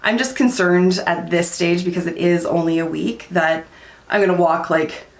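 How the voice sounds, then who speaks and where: Chatty woman with a gravelly voice. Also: lowish voice, fairly even intonation, moderate pace, reverberant. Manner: chatty, candid, frequent "um" and "like". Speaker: beauty vlogger. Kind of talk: casual chat while doing makeup.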